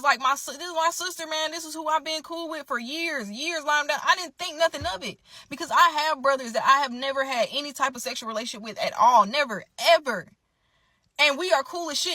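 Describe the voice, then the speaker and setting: A woman's voice: high voice, sharp tone, no echo. A woman candidly telling her own story in a casual way. She is emphatic and profane, and often turns to address her listeners directly.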